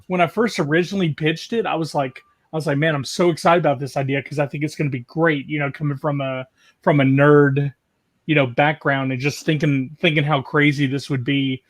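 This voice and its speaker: A man's voice: fairly high pitch, fairly even intonation, brisk. Rambling man on a video call. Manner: rambling, full of "like" and restarts. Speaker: guest caller. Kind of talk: casual storytelling.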